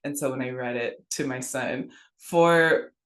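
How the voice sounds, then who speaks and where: Low-voiced chatty woman in echoey room. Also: unhurried. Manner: chatty, warm storytelling, laughs often. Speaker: guest. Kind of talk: casual podcast chat about children's books.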